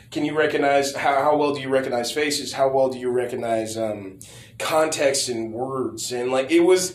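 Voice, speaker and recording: A man in casual chat, rambling with many stammered restarts and a lot of swearing, his voice going hoarse. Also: medium pitch. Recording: roomy echo.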